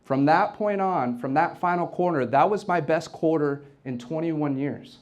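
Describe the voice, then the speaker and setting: Energetic man giving a motivational talk. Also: on the high side, moderate pace, dull audio. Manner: energetic, storytelling, repeats words when excited. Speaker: event host and real estate team leader. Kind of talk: motivational speech to a live audience. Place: office event space with an audience.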